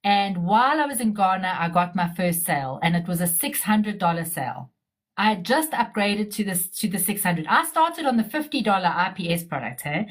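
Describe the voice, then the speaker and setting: A woman's voice: mid-range voice, brisk. Chatty woman telling her story. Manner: chatty, animated storytelling with frequent restarts. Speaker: community member sharing her story. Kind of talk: casual live-stream chat.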